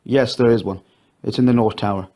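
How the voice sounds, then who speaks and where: A man's voice: medium pitch, steady tone, a little fast, warm tone, lightly acted. Ken: a man doing a brusque sarcastic brother. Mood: irritated. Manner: sarcastic, blunt. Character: irritable grown brother, brusque and dismissive.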